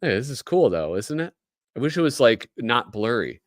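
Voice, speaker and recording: A man's voice: medium pitch, sing-song, normal speed, dry recording, studio quality. A man with a Midwestern American accent, hosting a casual livestream, chatty and joking as he reads aloud. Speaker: host.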